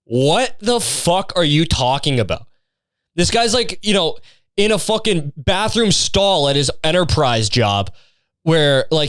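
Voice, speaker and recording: A young man hosts a comedic podcast, ranting in a rambling, profane and sarcastic way. His voice is smooth and clear. It is recorded dry, with no room sound. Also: mid-range voice, a bit bright, no echo. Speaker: podcast host.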